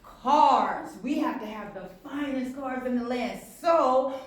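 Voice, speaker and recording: A woman's voice: high-pitched, slow pace. A woman voicing a humble, obliging husband who pleads politely for his wife's wishes. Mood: earnest. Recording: very echoey room, mic far off.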